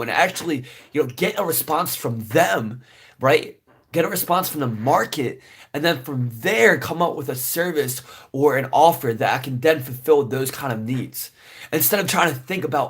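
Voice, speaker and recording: Husky-voiced young man giving business tips. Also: on the high side, expressive, normal speed. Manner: rambling, lots of fillers, "right?" tags, restarts. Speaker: business vlogger. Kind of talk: casual advice talk to camera.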